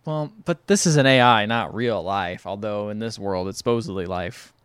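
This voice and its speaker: A man's voice: lowish voice, moderate pace, fairly bright tone, clear, resonant tone, no echo. A man co-hosting a podcast, joking and sarcastic in casual banter about a film. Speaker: podcast co-host. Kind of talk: casual movie chat.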